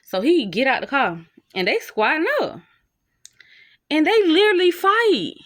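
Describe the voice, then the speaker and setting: A young woman, telling a casual storytime straight to her viewers in an animated, slang-filled way. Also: sits high, a little slow. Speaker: storytime vlogger.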